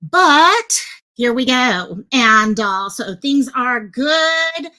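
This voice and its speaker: A woman's voice: high voice, expressive, drawn-out words, bright, forceful tone. A woman hosting a casual live stream, chatting with viewers and greeting them by name in a rambling, filler-heavy way. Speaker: livestream host. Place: home streaming setup in Hawaii. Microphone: headphones with mic at desk.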